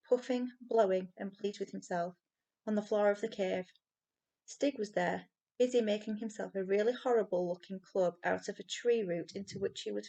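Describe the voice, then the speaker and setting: Woman reading a children's story aloud. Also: mid-range voice. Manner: expressive storytelling. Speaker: reader.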